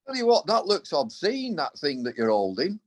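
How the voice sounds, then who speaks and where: A man's voice: a little high, huge pitch swings, normal speed. An older man chatting casually as a podcast co-host, rambling through playful, tongue-in-cheek ideas. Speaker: co-host and cricket pundit. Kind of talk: casual chat.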